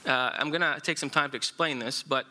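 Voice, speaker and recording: A married man preaching a sermon, telling an illustrative story in a halting way with many fillers and restarts. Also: mid-range voice, steady tone, sharp tone. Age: adult, married. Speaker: pastor.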